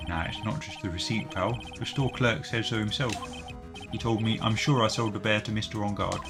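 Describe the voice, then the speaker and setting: A man reading the lines of a gruff, loyal male police detective who tacks a folksy tag word onto his sentences, over game music. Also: on the low side, steady tone, a little fast, natural voice. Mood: earnest.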